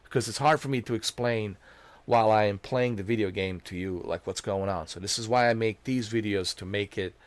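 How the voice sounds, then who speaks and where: A man's voice: fairly low pitch, fairly quick. A man explaining a video game's story in casual, emotional commentary, repeating himself and calling the listener dude. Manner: emotional, repetitive, slangy with "dude". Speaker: gaming video creator.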